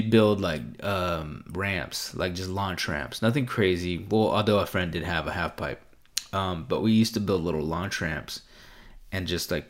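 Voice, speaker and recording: Casting: young man, very deep voice with fry, casual profane vlog storytelling. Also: a bit bright. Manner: profane, laughing, rambling with many fillers. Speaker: vlogger.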